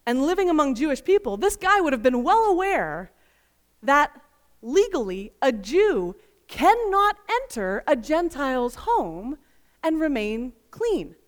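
A woman giving an expressive, emphatic Bible teaching full of rhetorical questions. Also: high voice, measured pace. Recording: long reverb.

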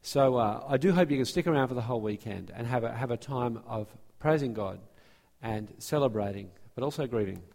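A man preaching from the front of a church, his voice sitting at an ordinary middle pitch. He talks earnestly, often breaking off and restarting a phrase, and his pace keeps shifting between quick and slow. A long reverb from the hall trails after his words. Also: vocal fry, a little mellow. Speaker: pastor. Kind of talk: sermon with church announcements. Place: church sanctuary.

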